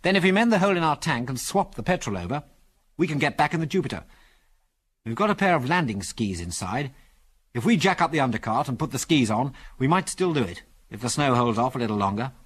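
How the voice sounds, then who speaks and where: A man doing a brisk, decisive pilot leader in a storybook, clipped and commanding. The voice sits somewhat higher than the reader's own and moves lively in pitch. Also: husky. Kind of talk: audiobook character voice.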